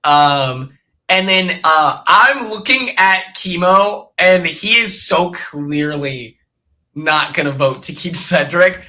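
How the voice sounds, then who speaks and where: A young man guest on a podcast, telling animated stories about his time on a reality show and laughing often. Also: a little high, takes it slowly. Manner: animated storyteller who acts out quotes and laughs often. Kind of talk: casual podcast chat.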